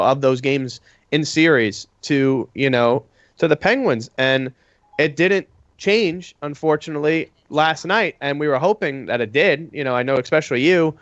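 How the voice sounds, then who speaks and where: A man's voice: a little high, moderate pace, no room sound, highs cut off. Man, sports podcast co-host, rambling, lots of fillers, dry sound. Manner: rambling analysis with many fillers. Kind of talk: casual sports talk.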